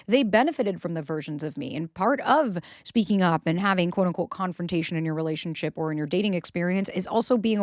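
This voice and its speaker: A woman's voice: medium pitch, dry recording, clean studio sound. A woman hosting a podcast, giving blunt relationship advice in a casual monologue, swearing often and acting out quoted dialogue. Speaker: podcast host.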